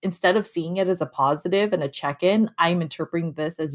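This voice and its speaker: A married woman talking candidly in a casual conversation, telling stories in an animated, open way. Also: on the low side, a little fast, hardly any pauses. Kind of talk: casual conversation about anger.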